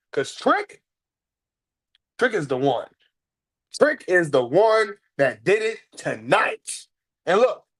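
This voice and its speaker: This man co-hosts a wrestling review podcast with a high, fairly bright voice. The chat is casual, and he stays hyped and playful, saying phrases again for emphasis.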